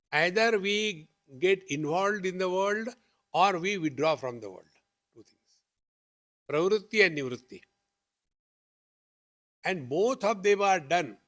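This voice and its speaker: Guy teaching at a retreat, fairly high voice, acts out the conversations in his stories. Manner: lively storytelling, acts out dialogue with rising questions. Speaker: spiritual teacher. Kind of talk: spiritual discourse. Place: retreat hall.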